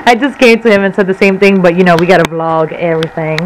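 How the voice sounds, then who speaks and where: A woman's voice: lowish voice, quick pace, hardly any pauses, noisy background. Giggly chatty woman vlogger. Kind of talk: casual chat.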